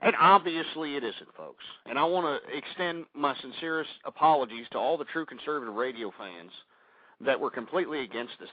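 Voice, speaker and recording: A man's voice: medium pitch, no echo. Male radio host, panicky, stammers, muffled lo-fi sound. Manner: rattled, rambling, stammering. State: panicked, heart racing. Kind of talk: rambling radio monologue.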